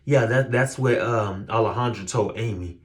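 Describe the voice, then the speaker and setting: A young man casually telling a workplace drama story to camera, animated and quick to mimic other people's voices. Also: fairly low pitch. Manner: animated, mimics coworkers in a raised voice. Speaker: storytime vlogger.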